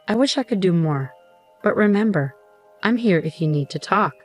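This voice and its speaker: A woman reading the lines of a male police officer friend in a measured, reassuring way, close to her own voice. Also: mid-range voice, animated, faint music behind, close to an everyday voice.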